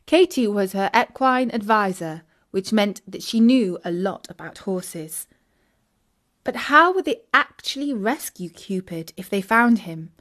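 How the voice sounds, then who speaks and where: A woman narrating a children's audiobook, clear and expressive. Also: medium pitch, a little slow. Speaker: storyteller.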